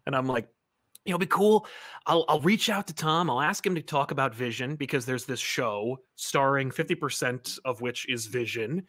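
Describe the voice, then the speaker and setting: A man hosting a casual interview, an animated storyteller who often restarts his sentences. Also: mid-range voice, normal speed, no echo, clean studio sound. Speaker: podcast host.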